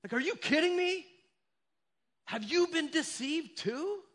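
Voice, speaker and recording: A preacher putting on scoffing high-voiced religious elders. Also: male voice, lively intonation, a little slow, a bit bright, exaggerated voice. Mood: incredulous. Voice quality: incredulous, mocking. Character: scornful religious leaders, adult men, mocking.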